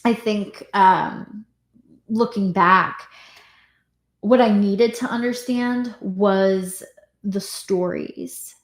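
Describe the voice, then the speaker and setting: A woman working as a parenting coach, talking casually to the camera and often pausing to rephrase her thoughts with fillers. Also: mid-range voice. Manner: conversational, with many fillers and restarts. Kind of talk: casual reflective talk to camera. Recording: echoey room.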